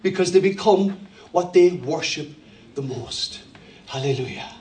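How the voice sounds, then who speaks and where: A man preaching a sermon as pastor, animated, firing rhetorical questions and joking with the congregation. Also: on the high side, measured pace. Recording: echoey room from far off.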